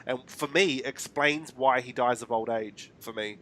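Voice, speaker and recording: A man co-hosting a podcast, recapping an episode in animated casual chat full of fillers. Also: medium pitch, unhurried, slight background noise. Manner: animated storytelling with many fillers. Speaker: podcast co-host.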